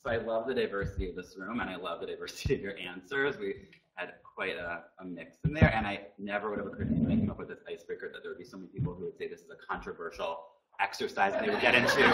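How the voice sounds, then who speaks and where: A man's voice: lowish voice, far from the mic, rough recording. A man moderating a panel event in a meeting room, upbeat and chatty, coaxing people to speak.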